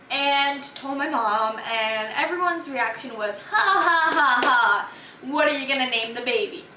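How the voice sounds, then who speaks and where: A teenage girl with a high, bright voice rambles through a storytime vlog, chatty and exasperated. She sounds set back from the mic in a roomy, echoey space with a faint hiss behind her. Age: teens. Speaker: vlogger. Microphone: camera held by a friend. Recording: echoey room from far off.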